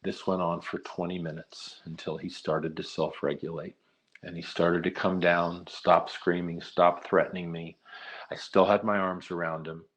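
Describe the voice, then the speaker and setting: A man's voice: low voice, level tone, normal speed, fairly bright tone. A middle-aged man giving an earnest storytelling talk, speaking steadily with frequent "uh" fillers. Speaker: nonprofit leader giving a talk.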